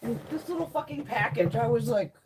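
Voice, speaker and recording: A woman's voice: fairly high pitch, fairly quick, slight background noise. A middle-aged woman chatting casually with viewers on a live stream, swearing freely and acting out quoted conversations. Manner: swears constantly, chatty and animated, acts out quoted exchanges.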